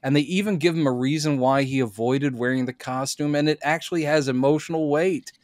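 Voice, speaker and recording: A man co-hosting a podcast in casual chat, animated and quick to act out quotes in put-on voices. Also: on the high side, no echo, clean studio sound. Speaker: podcast co-host.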